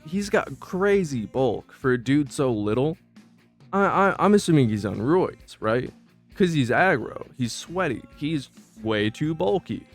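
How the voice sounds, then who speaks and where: Male storyteller, mid-pitched, slangy and profane, stammering restarts, soft music bed. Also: animated, a little slow. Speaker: vlogger recounting old job. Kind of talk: casual storytelling. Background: faint background music.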